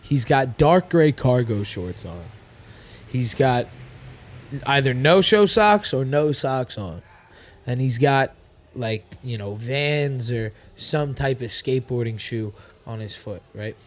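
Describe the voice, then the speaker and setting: A young man telling a story in a casual podcast chat, animated and rambling, with a lot of swearing. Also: mid-range voice. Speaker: podcast guest, fighter.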